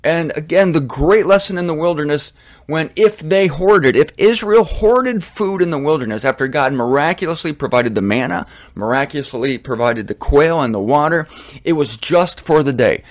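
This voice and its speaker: Older male Bible teacher, slightly high-pitched, conversational and rambling with humorous tangents. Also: lively intonation, moderate pace. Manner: chatty, digressive, jokey asides.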